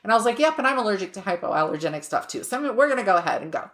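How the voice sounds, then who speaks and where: A woman's voice: mid-range voice, sing-song, racing, a bit bright. A woman co-hosting a podcast in casual chat, laughing and acting out exchanges as she tells stories. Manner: laughing storyteller, acts out exchanges. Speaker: podcast co-host.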